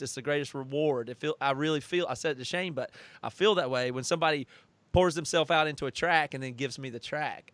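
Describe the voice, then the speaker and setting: A man's voice: fairly high pitch, fairly bright tone, no echo. A man co-hosting a casual livestream chat, earnest and rambling, often restarting his sentences. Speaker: co-host and recording engineer.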